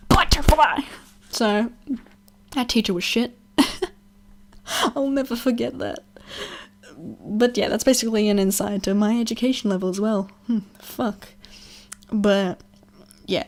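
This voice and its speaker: A woman's voice: medium pitch, darkish tone. A young woman telling a personal story in a casual vlog, rambling, swearing freely, laughing often and acting out what others said. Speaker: vlogger.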